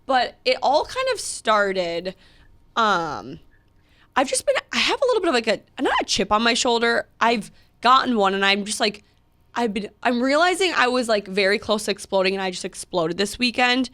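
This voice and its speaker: Animated young woman telling a story. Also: a little high, normal speed. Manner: animated storytelling, heavy use of "like", frequent restarts and laughs. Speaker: podcast co-host. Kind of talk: casual podcast chat.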